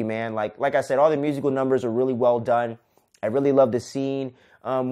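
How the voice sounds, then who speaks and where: Excitable, profane male film reviewer. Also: on the high side. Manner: enthusiastic, profane, says "man" often. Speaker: podcast host, film reviewer. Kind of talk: casual solo movie review.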